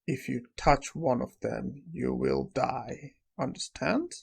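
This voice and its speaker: Cold dismissive young necromancer, read by a man, gravelly and slow. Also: mid-range voice, animated, a little mellow, heavily acted. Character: cold, arrogant young male necromancer warrior.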